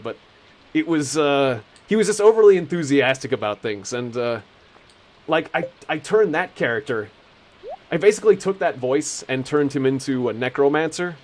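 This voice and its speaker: A man's voice: medium pitch, darkish tone, a little hiss or hum, poor audio. A young man streaming a game, chatting casually, rambling and laughing often. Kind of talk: casual chat while playing a game.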